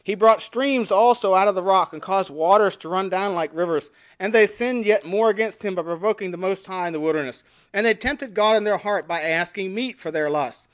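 A male pastor preaching a sermon, reading scripture aloud and swinging between emphatic rises and quiet, dropped endings. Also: high voice, fairly quick, few pauses. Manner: preaching with scripture readings in King James wording.

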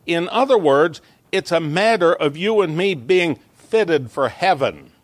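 A male pastor delivering a sermon in a fairly high voice. He speaks earnestly, building toward emphatic peaks, and sometimes breaks off into small stumbling asides. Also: animated, measured pace, no echo. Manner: earnest preaching, rising to emphatic peaks, occasional self-interrupting asides.

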